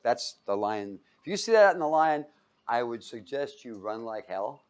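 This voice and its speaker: A man's voice: mid-range voice, very animated, normal speed, smooth. A man preaching in a casual, storytelling way, often chuckling and asking his listeners questions. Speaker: preacher teaching a Bible study. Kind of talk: casual sermon.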